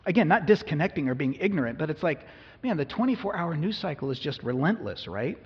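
A male pastor preaches in a relaxed, conversational way, often turning to his listeners with questions. His voice sits a little high and sounds husky. The sermon rings in a reverberant hall on a dull, lo-fi recording. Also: quick pace. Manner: conversational, asks the congregation questions.

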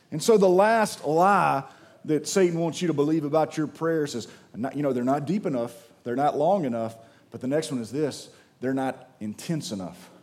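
A young man preaching a sermon in an animated, conversational way, acting out the voices of the people in his stories. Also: fairly high pitch. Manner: animated, conversational, acts out quotes.

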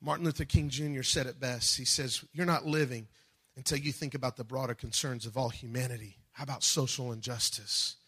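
Bright-voiced, impassioned male preacher. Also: medium pitch, steady tone, brisk, breathy edge. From United States. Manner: impassioned preaching with sudden loud peaks and soft drops; acts out quoted voices. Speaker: pastor. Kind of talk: sermon.

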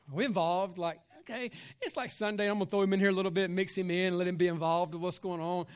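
A man preaching a sermon as pastor, animated, with call-and-response asides and casual joking. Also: high voice, fast, smooth.

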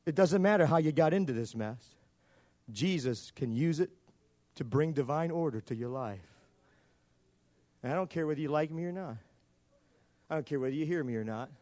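A male pastor preaching a sermon in an emphatic, repetitive way that builds up to shouting. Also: mid-range voice, no room sound.

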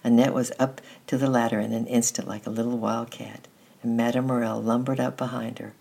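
A storyteller reading a children's story aloud at a steady pace, sometimes restarting a phrase. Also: medium pitch, a little fast, creaky, breathy edge. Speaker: narrator. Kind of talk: storybook narration.

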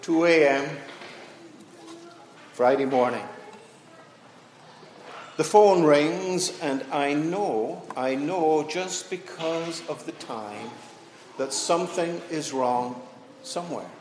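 A man preaching a sermon as pastor in a church, reading scripture and telling a story with slow, deliberate pauses. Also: on the high side, noisy background. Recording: echoey church from a distance.

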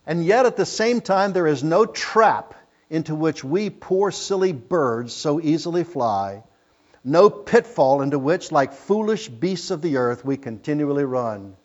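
Preacher guy giving a sermon, gets loud on the bible bits, kinda dull muffled recording. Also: on the high side, expressive, a little slow. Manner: emphatic preaching, rising loud on scripture quotes.

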